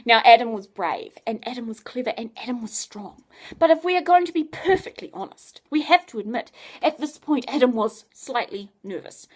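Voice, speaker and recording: A woman reading a children's adventure story aloud, expressive, with hushed whispers and playful explanations. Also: a little high, normal speed.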